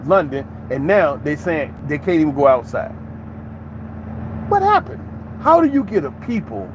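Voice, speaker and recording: A man's voice: on the high side, lo-fi sound, a little hiss or hum. A man giving an opinionated commentary monologue in an emphatic, preachy way, with many rhetorical questions. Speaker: commentary channel host.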